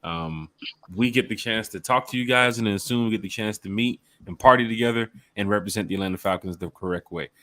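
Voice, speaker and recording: Hyped fan club host guy, lowish voice, bright and punchy, dry sound. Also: fairly quick, no room sound. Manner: enthusiastic, hypes the fans. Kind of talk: casual chat.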